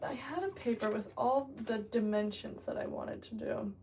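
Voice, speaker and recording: A woman ceramic artist talks casually and a bit scatterbrained to her livestream viewers while she works. Her voice sits a little high and comes from some distance off the mic. Clear noise hums behind her in the studio. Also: normal speed, few pauses. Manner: chatty, scattered, talks to chat while working. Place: pottery studio.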